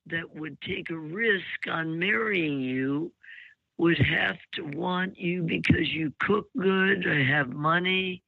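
A man's voice: high voice, vocal fry, no echo. A man hosting a call-in advice show who talks bluntly and lectures, often cutting the caller off. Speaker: radio advice host. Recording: phone-like narrow sound.

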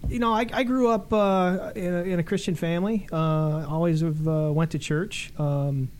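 Soft-spoken hesitant male guest. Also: a little high, fairly even intonation, moderate pace, a little hiss or hum. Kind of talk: casual chat.

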